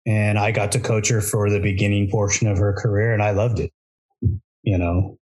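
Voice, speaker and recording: A man's voice: fairly low pitch, flat delivery, moderate pace, a little mellow. A middle-aged man interviewing a young racer in an easygoing, encouraging manner. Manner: easygoing, encouraging, with small restarts. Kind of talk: interview questions.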